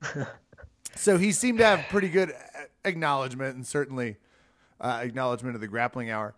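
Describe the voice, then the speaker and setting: A man's voice: medium pitch, fairly quick. A man co-hosting a casual podcast chat, telling stories animatedly with frequent laughs and acted-out quotes. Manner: animated storyteller, laughs often, acts out quotes. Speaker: podcast co-host.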